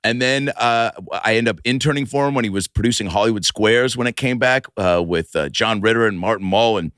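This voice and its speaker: A man's voice: lowish voice, fairly quick, a bit bright, smooth, no room sound, studio quality. A man in his forties, a comedian guest on a casual podcast, telling long profane stories with many restarts. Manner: rambling anecdotal storytelling, profane.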